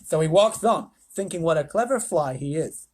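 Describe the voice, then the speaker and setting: A man's voice: a little high, expressive, moderate pace, husky. A man playing a boastful, gleeful president. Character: boastful self-satisfied male president.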